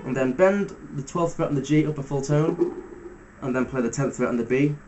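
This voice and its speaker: A man giving a casual step-by-step guitar lesson, talking through fret numbers in a relaxed way with fillers. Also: medium pitch, a little fast, dull audio. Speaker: guitar teacher. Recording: loud guitar music under the voice. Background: electric guitar playing between phrases.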